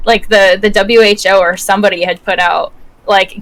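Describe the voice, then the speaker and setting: A woman co-hosting a casual podcast chat, talking in a chatty, animated way with many fillers. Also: medium pitch, normal speed, low-quality recording. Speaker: podcast co-host.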